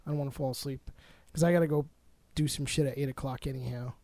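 A man bantering in casual chat, with deadpan jokes and asides, sounding tired. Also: medium pitch, quick pace.

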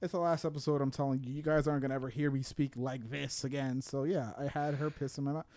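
A man's voice: mid-range voice, steady tone, fast talker, darkish tone. A young man co-hosting a podcast, telling crude stories in a rambling, laughing way from an apartment. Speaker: podcast co-host. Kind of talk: casual crude chat. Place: apartment room.

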